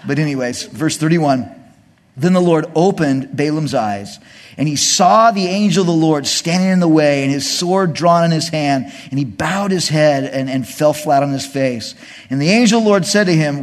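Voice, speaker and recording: A man preaching a sermon, retelling a scripture story as an animated, joking storyteller. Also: fairly high pitch, normal speed. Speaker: pastor.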